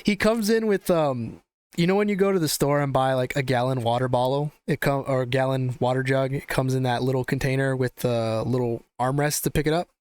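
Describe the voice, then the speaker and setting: Smooth-voiced young man telling a story. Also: mid-range voice, fairly quick, no echo. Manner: profane, animated, rambling with restarts. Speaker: podcast host. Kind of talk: casual storytelling chat.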